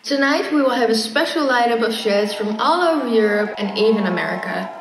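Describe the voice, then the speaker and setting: A woman's voice: on the high side, animated, brisk, vocal fry, over music. A woman hosting a mock song-contest show in a formal yet playful announcer tone. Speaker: host. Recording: echoey room, from far off.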